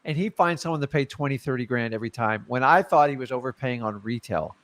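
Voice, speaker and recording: A man hosting a casual real estate coaching chat, talking emphatically and pushing his points with sudden bursts of loudness. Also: medium pitch, fast, no room sound. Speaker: real estate investor and show host.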